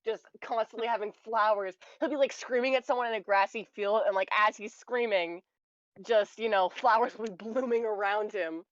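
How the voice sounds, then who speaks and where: A woman's voice: medium pitch, normal speed, no echo. Brief: rambling woman player, chatty, dull dry recording. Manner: rambling, full of "like" fillers. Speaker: tabletop game player. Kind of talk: casual chat over voice call.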